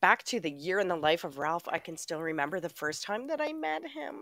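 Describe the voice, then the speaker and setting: A woman co-hosting a casual podcast, her voice husky from a cold, playful and quick to laugh. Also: lowish voice, animated, fairly bright tone, dry recording, clean studio sound. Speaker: podcast co-host. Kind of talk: casual chat.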